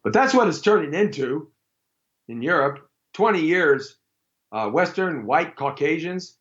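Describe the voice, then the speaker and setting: A man hosting a live talk show, rambling through a jokey monologue with sudden loud outbursts. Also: on the high side, very animated, unhurried, dull audio.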